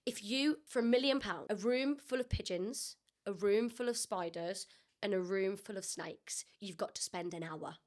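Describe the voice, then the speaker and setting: A woman's voice: mid-range voice, moderate pace, darkish tone. A playful woman with a Black Country accent, co-hosting a casual chat podcast and slipping into impressions. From England. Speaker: podcast co-host.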